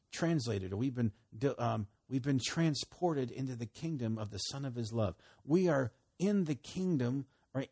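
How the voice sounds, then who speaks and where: A man preaching a relaxed, conversational sermon, his voice rising for emphasis and dropping to a murmur. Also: slightly rough. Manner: conversational, swinging between loud emphasis and low murmurs. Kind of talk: sermon teaching.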